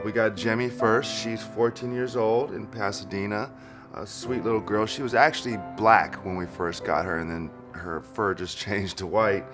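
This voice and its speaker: A man talking casually in an interview about his dogs, relaxed, with fillers. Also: lowish voice. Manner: relaxed, with fillers and small laughs. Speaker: dog owner. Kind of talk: interview talk. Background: music.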